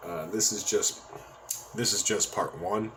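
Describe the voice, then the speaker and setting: A man's voice: fairly low pitch, steady tone, a little slow, noisy background. A man telling a story from his own life in a casual, rambling monologue, with profanity and joking asides.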